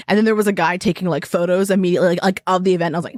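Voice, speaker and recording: A woman's voice: lowish voice, fairly even intonation, very fast, a little mellow, dry recording. A woman co-hosting a podcast in casual chat, rambling into tangents and laughing often. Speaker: podcast co-host.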